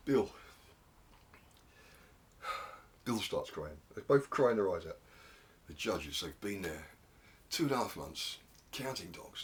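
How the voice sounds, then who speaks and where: A man in his sixties, from Australia, telling a long shaggy-dog joke, dropping low to build suspense and then rising into high mock wailing. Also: expressive, takes it slowly, long pauses. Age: 60s. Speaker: joke teller.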